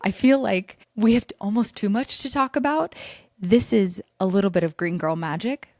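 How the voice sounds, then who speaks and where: A young woman hosting a pop culture podcast, gushing with breathless, fast enthusiasm about the latest news. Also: medium pitch, darkish tone, no echo, studio quality. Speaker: podcast host.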